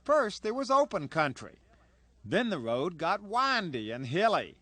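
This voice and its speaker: A man's voice: high-pitched, sing-song, a little slow, bright, forceful tone, no room sound. A man narrating a scripted travel voice-over with an upbeat storytelling manner.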